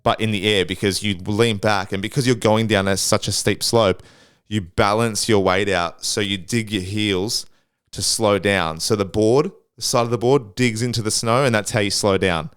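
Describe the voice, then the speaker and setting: A man's voice: on the low side, fairly even intonation, normal speed, fairly bright tone, clean tone, no echo, clean studio sound. A young man telling a rambling, swear-filled story on his solo podcast, acting out his own panicked noises. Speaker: podcast host.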